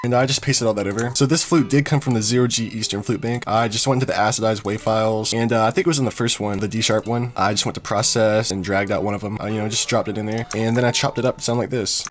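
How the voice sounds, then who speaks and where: A man hosting a music production tutorial, talking casually through each step with lots of fillers. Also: on the low side. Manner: relaxed, fast, filler-heavy walkthrough. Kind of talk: casual screen-recorded tutorial. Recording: beat music playing under voice.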